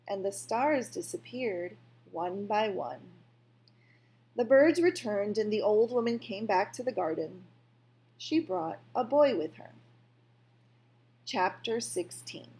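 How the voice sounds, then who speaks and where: A woman calmly reading a children's novel aloud, in a measured storytelling manner. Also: mid-range voice. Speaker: reader.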